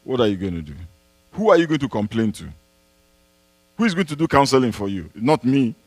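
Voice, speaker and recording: A male pastor preaches his answers with emphasis, returning to key phrases and firing off rhetorical questions. His pitch rises and falls freely, and the sound is close and dry, with no room around it. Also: very animated, fairly quick, darkish tone, no room sound. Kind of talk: sermon-style Q&A answer. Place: church.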